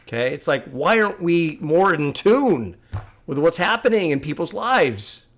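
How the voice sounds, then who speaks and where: A man hosting a music reaction video, talking in earnest, musing and at times getting heated and loud. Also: a little high, big pitch swings, measured pace. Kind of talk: casual reaction commentary.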